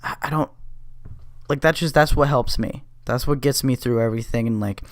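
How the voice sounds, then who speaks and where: A man's voice: mid-range voice, moderate pace, dry recording, clean studio sound. A man hosting his own podcast, telling a personal story in a blunt, profane, casual way, stumbling over and correcting his words. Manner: profane, blunt, restless retelling with self-corrections. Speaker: podcast host.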